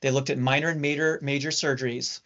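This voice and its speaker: Measured male surgeon, lo-fi sound. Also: medium pitch, flat delivery, a bit bright. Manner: measured, explanatory. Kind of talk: recorded training talk for nurses. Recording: dull lo-fi recording.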